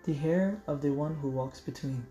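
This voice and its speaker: A woman voicing a calm, focused teenage boy in an audiobook, quiet and firm. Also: deep voice, normal speed, reverberant, soft background music, close to an everyday voice.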